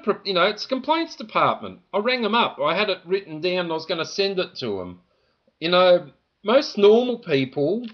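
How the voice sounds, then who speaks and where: An Australian man with a fairly high voice vents to camera in a rambling, indignant complaint, padding his talk with "you know." The sound is dull and lo-fi, like an old home video. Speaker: vlogger.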